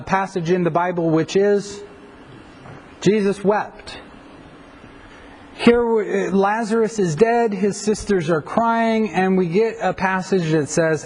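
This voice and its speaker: High-voiced male pastor teaching. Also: a little mellow, rough recording. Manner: conversational, frequent fillers and self-corrections. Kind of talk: Bible teaching lecture.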